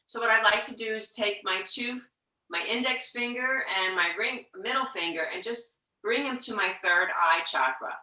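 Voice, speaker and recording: A woman teaching a yoga class, talking slowly and gently, sometimes dropping to a whisper to show the breath. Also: mid-range voice, far from the mic. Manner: slow, gentle guiding with soft whispered breath demos. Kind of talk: guided yoga instruction. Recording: echoey room, voice from off-mic.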